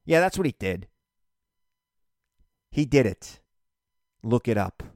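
A middle-aged man giving an animated, emphatic political monologue as a radio and TV commentator. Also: mid-range voice, slow pace, dry recording, clean studio sound.

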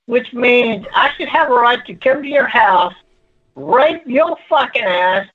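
A man's voice: very high voice, measured pace. An older man calling in to a live show, arguing in a crude, combative, ranting way. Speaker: caller. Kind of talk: heated call-in argument. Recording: muffled phone line.

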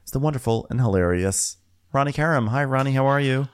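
A man's voice: mid-range voice, fast, clear, resonant tone. A man co-hosting a casual reality-TV podcast, playful and laughing often. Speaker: podcast co-host.

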